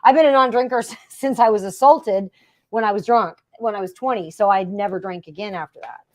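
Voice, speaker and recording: A woman's voice: mid-range voice, brisk, dry recording. A woman co-hosting a live author interview, telling personal stories in a candid, conversational way. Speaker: co-host.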